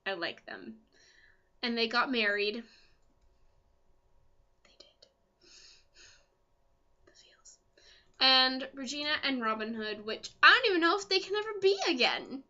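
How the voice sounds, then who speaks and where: Young woman fangirling slowly about her ships, bright high voice, kinda muffled lo-fi audio. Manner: gushing fan, chatty and excitable, lots of ums. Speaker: vlogger. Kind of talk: casual chat.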